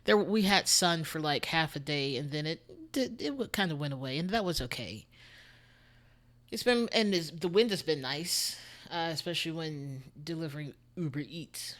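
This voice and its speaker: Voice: mid-range voice, expressive, normal speed, fairly bright tone. A Texan-accented streamer talking loosely into a desk microphone at home. The speech wanders from one thought to the next, with friendly greetings to viewers mixed in. It is an easygoing, chatty livestream delivery. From Texas. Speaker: music streamer. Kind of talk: casual livestream chat.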